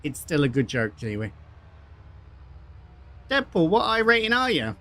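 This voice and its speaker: A man's voice: fairly high pitch, measured pace. A man chatting casually to viewers while streaming sim racing. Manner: relaxed, chatty, matey. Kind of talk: casual livestream chat.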